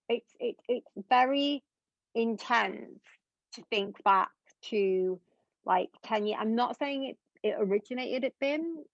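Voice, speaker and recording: A woman's voice: on the high side, vocal fry, dry recording. A young woman, speaking candidly as an interview guest in an earnest, rambling way full of fillers. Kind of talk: candid conversation. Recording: dull lo-fi dry recording.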